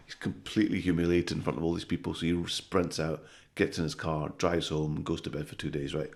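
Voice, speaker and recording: On a relaxed podcast, a comedian guest with a very low voice tells jokes briskly with few pauses. His storytelling is animated and sweary, and he keeps tagging his lines with "right?".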